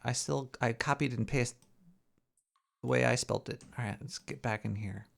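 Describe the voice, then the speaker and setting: A man hosting a live show, rambling and joking as he thinks out loud. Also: medium pitch, normal speed, creaky. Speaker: show host. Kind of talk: casual live show banter.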